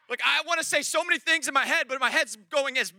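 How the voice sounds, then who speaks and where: A pastor preaching a lively, rambling sermon full of restarts and asides. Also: male voice, very high-pitched, fairly quick, no room sound. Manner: animated, rambling, with many restarts and laughs.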